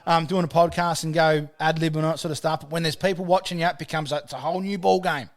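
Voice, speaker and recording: A man's voice: fairly high pitch, steady tone, fast talker. An Australian man speaking as a podcast guest in casual chat, blunt and sweary in a laid-back way.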